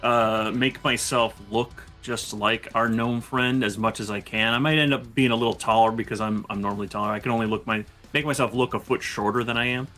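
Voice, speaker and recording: A man's voice: mid-range voice, fairly even intonation, a little fast, few pauses, bright, forceful tone, soft background music. A man playing a tabletop game over a voice call, rambling and checking the rules aloud. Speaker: player. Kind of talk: casual tabletop game play.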